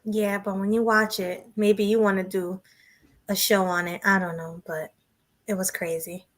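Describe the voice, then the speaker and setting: A woman hosting a casual live-stream chat, relaxed and chatty, thanking her viewers. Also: mid-range voice, normal speed. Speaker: host.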